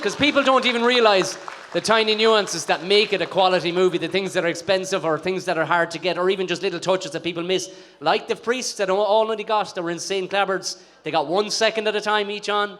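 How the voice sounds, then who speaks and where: A man's voice: sits high, fairly bright tone. A man hosting a live film night, upbeat and teasing. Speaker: host.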